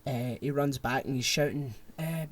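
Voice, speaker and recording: A man co-hosting a podcast, chatting casually and retelling a film plot in an animated, rambling way. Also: mid-range voice, normal speed. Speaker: podcast co-host. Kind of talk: casual chat.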